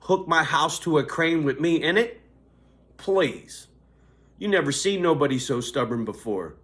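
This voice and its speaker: A man's voice: on the high side, expressive, unhurried, a bit bright. An older man vlogging, cursing constantly in a riled-up, confrontational rant. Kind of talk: angry ranting vlog.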